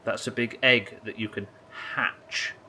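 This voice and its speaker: A bright, forceful-sounding man with a Yorkshire accent talks to his live-stream chat. He jokes and swears freely in a loose, chatty way. A faint hiss sits under the voice. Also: mid-range voice, animated, a little fast. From Yorkshire, England. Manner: sweary, joking, chatty with viewers.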